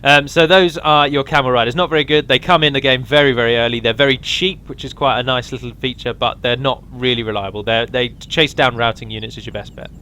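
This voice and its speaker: A man's voice: mid-range voice, fairly even intonation, a little fast, few pauses, pushed and bright, a little hiss or hum. A man giving a casual, rambling walkthrough of a strategy game mod, with frequent ums and restarts.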